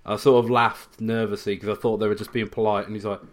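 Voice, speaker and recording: Fast and barely pausing, this podcast co-host speaks in a fairly low, flat voice. He rambles through stories in casual chat, stumbling over fillers and restarting often.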